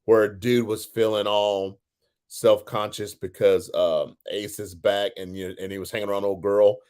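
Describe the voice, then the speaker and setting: A man co-hosting a casual chat show, talking loosely and swearing, jumping up into a high voice when he retells his own reactions. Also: level tone, moderate pace, a little mellow, clean tone. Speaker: co-host.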